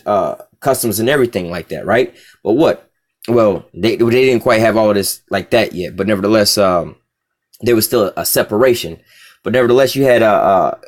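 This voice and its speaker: A man teaching from the Bible in a loose, casual way, often saying "you know" and "all right". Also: medium pitch.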